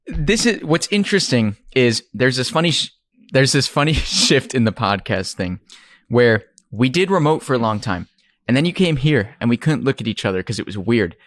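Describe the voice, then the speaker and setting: A man's voice: medium pitch, animated, a bit bright, dry recording. Playful teasing male podcast co-host. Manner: playful, teasing, drawn-out delivery. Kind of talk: casual chat. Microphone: remote podcast recording.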